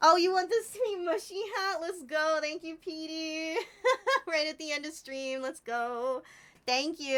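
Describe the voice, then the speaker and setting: A chatty woman in her thirties streams from home, talking through her crafting in a high, bright-pitched voice. She gushes over her viewers and thanks them often, keeping it loose and casual. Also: a little slow. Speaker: Twitch streamer. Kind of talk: casual live-stream chat while crafting.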